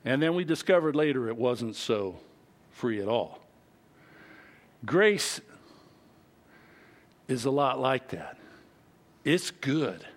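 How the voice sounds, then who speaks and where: A middle-aged man preaching a sermon, telling a childhood story in an animated way, swinging from loud to quiet. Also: medium pitch, slow, long pauses. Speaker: pastor.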